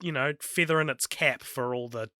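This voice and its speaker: Male podcast co-host, wry casual banter, bright voice, dry sound. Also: mid-range voice, normal speed, dry recording. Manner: wry, joking, reads out from notes. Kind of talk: casual chat.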